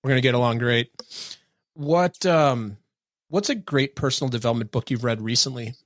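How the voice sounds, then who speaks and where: A man's voice: mid-range voice, normal speed, no room sound, studio quality. A man from Minnesota hosting a podcast interview, friendly and self-deprecating in casual chat. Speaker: podcast host.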